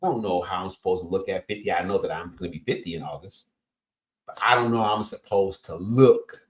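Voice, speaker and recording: A man's voice: sits low, fairly quick. A man, a coach and host giving an emphatic, casual motivational talk. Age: 50s. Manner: energetic, emphatic, punchy interjections.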